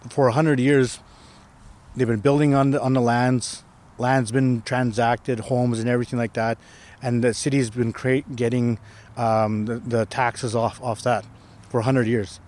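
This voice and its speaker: A man's voice: medium pitch, darkish tone. A man who is a First Nation chief, telling a story in a casual interview outdoors, rambling with many restarts and tag questions. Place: outdoors on a hill.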